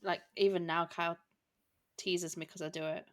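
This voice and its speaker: A woman in her late thirties co-hosts a relaxed podcast and tells everyday stories in a chatty way. Her voice sits slightly low. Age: 30s. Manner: chatty storytelling, quick laughs. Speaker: podcast co-host. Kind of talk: casual chat.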